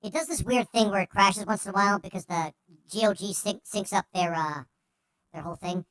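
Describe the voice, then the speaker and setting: A woman streaming a video game, chatting casually and excitably and swearing freely as she plays. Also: mid-range voice, fairly quick, smooth. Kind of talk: casual gameplay commentary.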